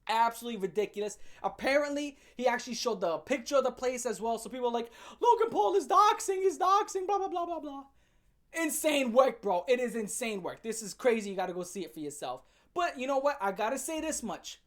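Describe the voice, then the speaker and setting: A woman's voice: a little high, lively intonation. Brief: female commentary host, brash profane rant, slangy and blunt. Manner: blunt, fast-shifting, heavy swearing and slang.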